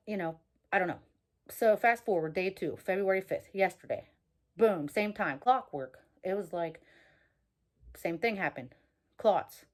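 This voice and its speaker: A woman talking casually and candidly to her viewers in a rambling personal vlog, with lots of fillers and restarts. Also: fairly low pitch. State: out of breath. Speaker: vlogger. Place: at work.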